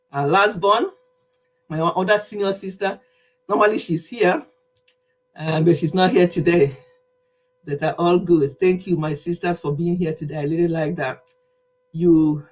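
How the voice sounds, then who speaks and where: Chatty woman, slightly out of breath. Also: lowish voice. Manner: chatty, greets viewers by name, laughs often while exercising. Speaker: livestream host. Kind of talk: casual livestream chat with singing. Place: at home.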